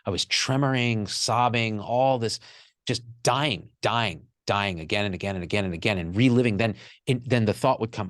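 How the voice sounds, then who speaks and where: A man's voice: lowish voice, moderate pace, no room sound, clean studio sound. A man telling a raw personal story with candid emotion, swearing freely as a podcast guest.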